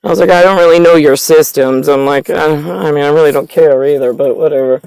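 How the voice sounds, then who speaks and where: A woman's voice: sits low, steady tone, a little fast, gravelly, a little mellow, smooth, no room sound, low-quality recording. A woman vlogging straight to camera in a meandering, profane, stream-of-consciousness monologue. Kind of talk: rambling direct-to-camera monologue.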